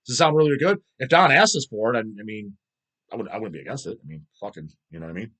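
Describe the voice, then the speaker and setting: Fast-talking, profane ranting man. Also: fairly low pitch, expressive, fairly bright tone. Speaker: livestream host. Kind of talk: casual chat.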